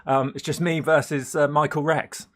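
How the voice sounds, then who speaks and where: A man's voice: on the high side, level tone, normal speed, fairly bright tone. Chatty man live-streaming. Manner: rambling and chatty, laughs often, hesitant fillers. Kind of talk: casual live-stream chat.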